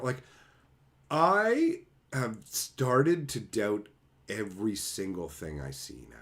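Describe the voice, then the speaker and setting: A man streaming live, ranting angrily and sarcastically with lots of swearing while answering his chat. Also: lowish voice. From Canada. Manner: angry, profane, sarcastic ranting.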